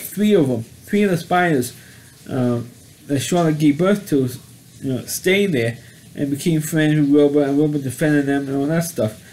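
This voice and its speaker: A man giving a casual spoken movie review, halting and often restarting and repeating words. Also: a little high, darkish tone.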